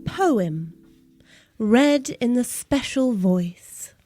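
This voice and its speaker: A woman voicing a pompous radio poetry reader in a whispered role-play, speaking in a slow, fruity whisper with odd stresses and broken phrasing. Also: a little high, lively intonation, loud music behind the voice. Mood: portentous.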